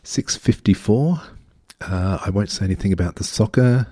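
A man's voice: fairly low pitch, moderate pace, mellow, dry recording, studio quality. A man working as a radio DJ, casually back-announcing songs in a playful, self-mocking way and stumbling over band names.

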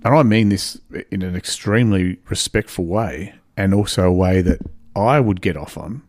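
A man with a fairly low voice co-hosting a community radio show. He is easygoing and agreeable, mostly offering short replies and the odd longer riff. The sound is dry and close, from a studio. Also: moderate pace, darkish tone, no echo. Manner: laid-back, agreeable, with short backchannel replies. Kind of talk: casual radio chat.

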